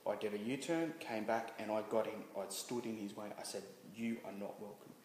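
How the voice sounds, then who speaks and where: A man being interviewed as a guest, telling a personal story candidly, halting and restarting with many fillers. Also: lowish voice, a little mellow. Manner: halting, frequent restarts and "you know" fillers. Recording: roomy reverberant room with faint noise.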